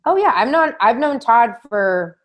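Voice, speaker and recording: A woman's voice: on the high side, expressive, unhurried, muffled recording. A woman in her thirties from San Francisco, telling rambling stories in casual podcast chat and swearing freely. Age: 30s. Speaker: guest.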